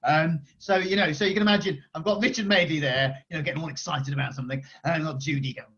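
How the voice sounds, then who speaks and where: A male children's author answering schoolchildren's questions on a video call, chatty and energetic with many restarts. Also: fairly high pitch, fast. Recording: dull lo-fi video call audio.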